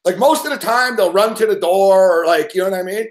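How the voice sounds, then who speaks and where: Fairly quick and high-pitched, this show host laughs often while animatedly recounting rowdy tales in casual conversation, cursing nonstop. The sound is reverberant.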